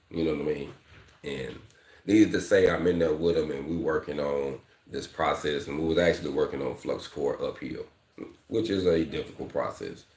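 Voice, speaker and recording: A man's voice: a bass voice, roomy sound. A man teaching welding, talking candidly to his viewers in a casual vlog, often calling them "fam" and "you know". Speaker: welding instructor.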